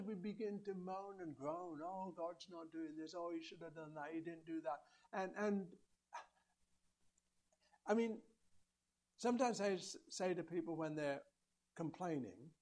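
A man preaching a sermon in an earnest voice, rising to emphatic peaks and dropping low, with rhetorical questions to the congregation. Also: darkish tone.

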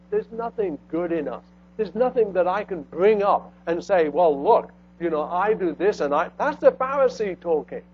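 A man preaching a sermon, swinging between loud emphatic lines and hushed low phrases. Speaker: pastor. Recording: dull lo-fi sound with faint mains hum.

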